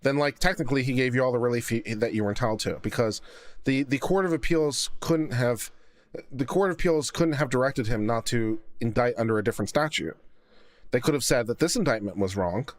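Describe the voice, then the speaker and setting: A man hosting a casual live stream of legal commentary, talking in a dry, even tone with deadpan jokes, into a studio condenser mic. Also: medium pitch, a little fast.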